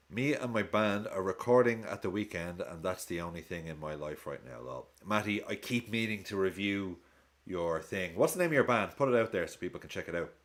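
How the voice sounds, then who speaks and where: A man hosting a live football watch-along stream, casually chatting with viewers and reacting to the match. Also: normal speed. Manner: chatty, reacts to play and reads chat aloud; lively swings in pitch.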